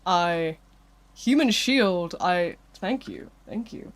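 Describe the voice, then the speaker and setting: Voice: mid-range voice, expressive, slow. A live streamer chatting casually with viewers, rambling a little and filling gaps with "like" and "um". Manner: chatty and rambling, with frequent "like" and "um" fillers.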